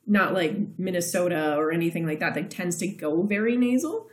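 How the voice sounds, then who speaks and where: A woman from Kansas with a flat Midwestern accent and a Texas drawl, chatting and laughing easily as a podcast co-host, with some vocal fry. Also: fairly low pitch, brisk. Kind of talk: casual chat over wine. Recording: roomy echo.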